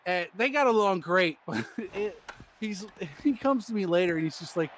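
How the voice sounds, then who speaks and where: A man's voice: high voice, normal speed, a little hiss or hum. A man co-hosting a game stream, telling a rambling, laughing story and acting out the quotes. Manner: laughing, animated, acts out quotes.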